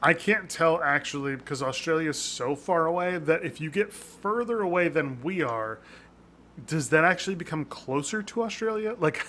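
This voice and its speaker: Bright-voiced rambling podcast man. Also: fairly high pitch, lively intonation, moderate pace, a little hiss or hum. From North America. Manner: rambling, laughing, lots of fillers. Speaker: podcast co-host. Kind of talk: casual podcast chat.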